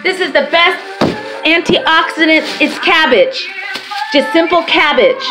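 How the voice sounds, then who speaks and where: A woman's voice: extremely high pitch, measured pace, poor audio. A woman talking to her camera in a rambling, chatty way, swearing freely. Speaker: vlogger. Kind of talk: casual talk to camera. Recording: music playing behind voice.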